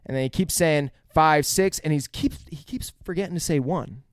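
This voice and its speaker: A man with a slightly high voice talks through a film scene in loose, profane podcast chat. He laughs often and jumps into quoted lines. The sound is close and dry. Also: normal speed, no room sound. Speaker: podcast co-host. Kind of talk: casual movie review chat.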